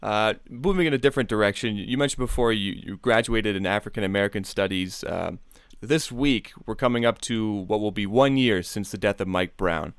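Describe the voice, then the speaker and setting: A man hosting a radio interview, asking measured, polite questions. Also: fairly low pitch, smooth, no echo, clean studio sound. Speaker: radio host.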